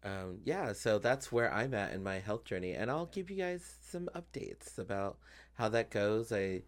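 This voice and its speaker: A man's voice: on the low side, animated, unhurried. A man hosting a podcast in casual chat, talkative with frequent fillers and easy laughs. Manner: chatty, many fillers, laughs often. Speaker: podcast host and drag performer.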